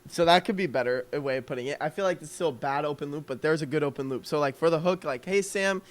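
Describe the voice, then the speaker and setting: Young male coach, slightly higher voice, relaxed filler-laden delivery on a live call. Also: fast talker. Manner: loose and conversational, filler-heavy, thinking aloud. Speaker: copywriting coach.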